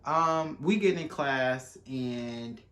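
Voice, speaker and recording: A young man telling a casual, animated storytime, acting out quotes and using slang. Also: medium pitch, very slow.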